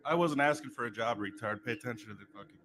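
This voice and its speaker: A man's voice: medium pitch, fast, fairly bright tone. Profane taunting man on a livestream. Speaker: livestream host. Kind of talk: insulting livestream banter.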